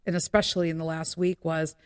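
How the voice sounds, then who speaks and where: Animated woman telling a home story. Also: sits low, fast talker, clear, resonant tone, no room sound, studio quality. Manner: animated, acts out quoted voices, many fillers. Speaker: podcast host. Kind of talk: casual storytelling monologue.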